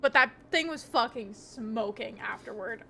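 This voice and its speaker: A young woman chats with her live-stream viewers in a high, bright voice, rambling along with frequent ums and giggles. She takes her time and lets her words stretch out. A faint hiss of background noise sits under her voice. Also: lively intonation, a little slow. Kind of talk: casual chat with live viewers.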